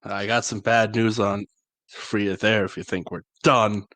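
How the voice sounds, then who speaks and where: A man's voice: on the low side, steady tone, measured pace, a bit bright, no echo. A man co-hosting a live gaming podcast, chatting casually with dry, teasing remarks. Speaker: podcast co-host.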